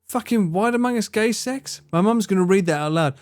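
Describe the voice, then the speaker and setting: A man's voice: high voice, lively intonation, brisk, a little mellow, dry recording, studio quality. A young man streaming live, chatting with his viewers in a teasing, mock-outraged way and swearing freely. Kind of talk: casual live-stream chat.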